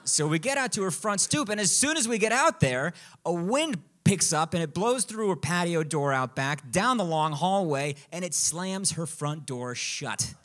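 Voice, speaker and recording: A man telling a comic personal story on a live stage, in an animated, self-mocking way. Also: sits high, normal speed. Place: live performance venue.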